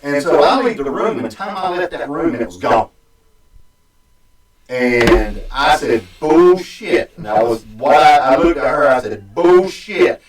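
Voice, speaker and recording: A man's voice: medium pitch, expressive. Man telling a story in an echoey room. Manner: rambling, halting, with many restarts and fillers. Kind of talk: casual storytelling. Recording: echoey room, distant mic.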